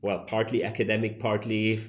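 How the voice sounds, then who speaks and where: A male professor answering interview questions in a measured, deliberate way, often pausing to search for words. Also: on the low side, flat delivery.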